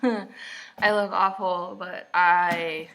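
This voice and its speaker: A woman's voice: fairly low pitch, fairly even intonation, extremely slow, fairly bright tone, slight background noise. A woman vlogging casual book commentary, sarcastic and mocking, full of "like"s, just woken up. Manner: sarcastic, mocking, chatty with many "like"s.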